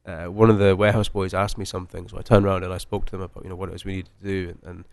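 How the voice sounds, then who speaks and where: Distiller with a light Scottish lilt, forties, talks fast and chatty, lower voice. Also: male voice, level tone, vocal fry, a little mellow, no room sound. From Scotland. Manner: chatty, rambling with many fillers and restarts. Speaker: master distiller. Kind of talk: casual podcast interview.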